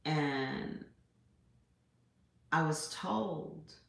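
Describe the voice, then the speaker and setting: A middle-aged woman talks through a spiritual reflection in a slow, drawn-out way, leaving long pauses between her thoughts. Her voice sits low and has a gravelly edge. The room around her rings with echo. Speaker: spiritual channel host.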